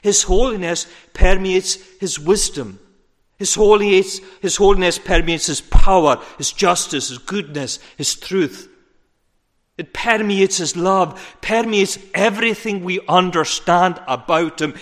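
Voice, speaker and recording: Male preacher, somewhat high voice, earnest and measured, builds weight on repeats; long hall reverb. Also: a bit bright. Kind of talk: sermon.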